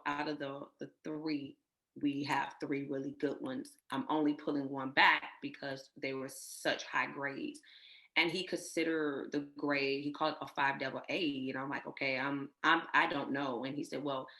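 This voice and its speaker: A woman with a low voice tells her own story in an interview. She is heartfelt and emotional, speaks of faith, and often acts out what others told her. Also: bright, forceful tone. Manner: emotional, faith-filled, retells others' words. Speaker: guest sharing her infertility story.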